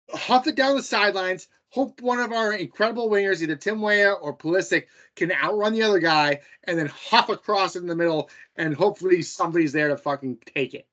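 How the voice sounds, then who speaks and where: A man's voice: high voice, lively intonation, normal speed, fairly bright tone, highs cut off. A man from the United States co-hosting a podcast, ranting heatedly and with lots of swearing in casual sports chat. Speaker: podcast co-host.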